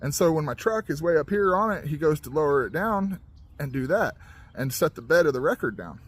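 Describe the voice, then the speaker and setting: A man telling a funny life story in a casual, animated way, acting out moments and sound effects as he goes. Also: on the high side, fairly quick.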